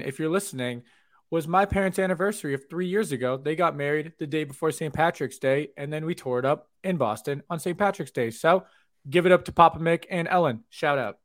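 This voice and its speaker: A man co-hosting a casual podcast, loud and joking, swearing as he talks. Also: a little high. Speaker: podcast co-host.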